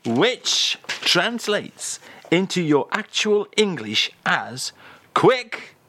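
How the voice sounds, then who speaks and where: A man's voice: medium pitch, lively intonation, normal speed, noisy background. Jokey, teasing radio presenter man. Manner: jokey, teasing, mock-exasperated. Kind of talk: comic radio chat.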